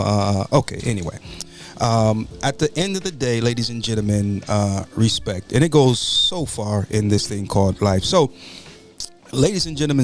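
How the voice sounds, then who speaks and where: Folksy preacher hosting a show. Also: male voice, mid-range voice. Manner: folksy, preachy, repeats words. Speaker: talk show host and pastor. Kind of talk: casual call-in show hosting.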